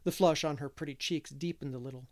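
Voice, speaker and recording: A man reading a classic novel aloud as an audiobook narrator, measured and expressive. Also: on the high side. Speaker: audiobook reader. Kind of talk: storybook narration.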